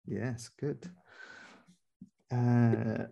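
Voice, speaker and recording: A man hosting a casual podcast and reading out quiz questions, brisk and laughing often. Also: medium pitch, darkish tone. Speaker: podcast host running a quiz. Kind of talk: casual chat, quizmaster.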